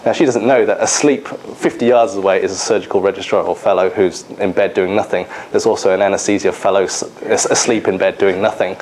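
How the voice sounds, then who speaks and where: An Englishman with a fairly low, slightly mellow voice tells anecdotes to illustrate a lecture, stumbling through fillers and restarts. He talks fairly quickly in a steady tone with hardly any pauses. The audio is poor, with a faint hiss underneath.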